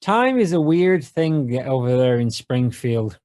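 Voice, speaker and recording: A man co-hosts a casual podcast, narrating scenes with playful, deadpan wit. His voice sits in a middle register. The sound is close and dry, with no room around it. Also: medium pitch, a little slow, no room sound. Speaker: podcast co-host. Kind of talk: casual podcast chat, reading out scene descriptions.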